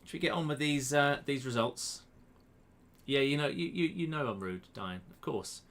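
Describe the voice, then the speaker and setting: A man's voice: medium pitch, normal speed, fairly bright tone. A man hosting a quiz live from a room at home, chatty and self-mocking as he greets viewers by name. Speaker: quiz host. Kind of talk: casual live-stream chat. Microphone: webcam close to the face.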